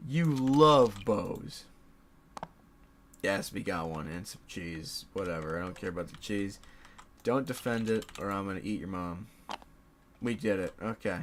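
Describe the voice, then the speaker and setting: A man's voice: fairly low pitch, a little hiss or hum. A young man casually commentating his solo board game play, swearing, laughing and talking to his game pieces.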